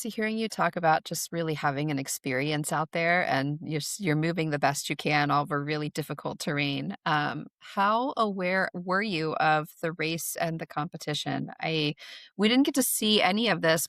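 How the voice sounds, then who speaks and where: Low gravelly woman host. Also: a bit bright, dry recording, studio quality. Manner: thoughtful, measured questions. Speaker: podcast host. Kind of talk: interview questions.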